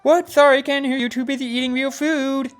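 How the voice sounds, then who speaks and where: A man voicing a bubbly, airheaded ghost party girl in a video game, squeaky and giddy. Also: flat delivery, brisk, soft background music.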